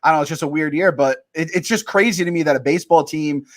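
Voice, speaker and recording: A man, co-hosting a podcast in an excitable, profane chat. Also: a little high, quick pace. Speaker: podcast co-host. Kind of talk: casual chat.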